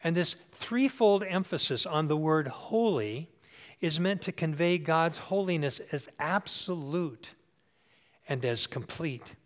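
Older guy pastor giving a sermon in church, slightly higher voice, chatty, keeps asking "okay?". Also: expressive, slow pace. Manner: conversational, checks in with "okay?", repeats phrases for emphasis.

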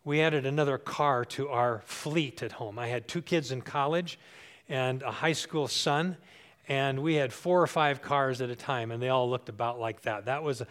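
A man's voice: mid-range voice, moderate pace, a bit bright. A pastor in his sixties preaching a sermon in a church, talking conversationally, checking in with the congregation and repeating phrases for emphasis.

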